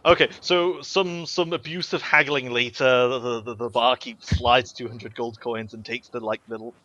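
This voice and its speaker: A man's voice: mid-range voice, steady tone, normal speed, pushed and bright. A man narrating as game master in a tabletop game over a video call, rambling and repeating words as he describes scenes. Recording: dull lo-fi video call audio.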